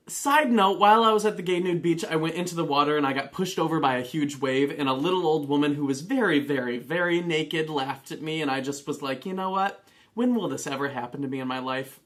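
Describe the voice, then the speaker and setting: A young man in his twenties spins a travel mishap for his viewers, his voice leaping around in pitch. He swears freely and acts out every person in the story. It is a casual, talky vlog delivery. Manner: animated, profane, dramatic retelling with quoted voices. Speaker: vlogger.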